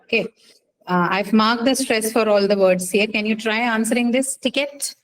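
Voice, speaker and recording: A woman's voice: on the high side, moderate pace, rough recording. Patient woman teacher quizzing students. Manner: patient, quizzing, many fillers. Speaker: English phonetics teacher. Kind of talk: online class lecture.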